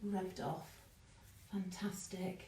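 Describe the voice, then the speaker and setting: A woman's voice: lowish voice, flat delivery, very slow, mellow, distant mic, slight background noise. A woman teaching children a live online baking class, chatting and encouraging, greeting viewers by name. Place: home kitchen. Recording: echoey kitchen, away from the mic.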